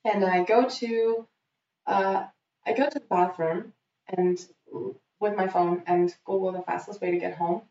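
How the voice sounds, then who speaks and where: A woman recounting a bad date in easy, animated conversation. She slips into quoted lines as she talks. Her voice comes from away from the mic in an echoey room, with a dull, muffled tone. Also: medium pitch, unhurried, distant mic. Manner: lively storyteller acting out quotes. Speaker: guest telling a story. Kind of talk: casual chat. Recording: dull, roomy, off-mic sound.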